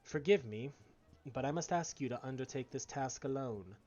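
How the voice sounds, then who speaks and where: Here is a resolute female mage who talks in slow, formal, earnest lines, as a man puts her on. The pitch sits mid-range, and the recording is dull and lo-fi. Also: expressive, a little mellow, faint music behind, close to an everyday voice. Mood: resigned. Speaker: streamer reading game dialogue.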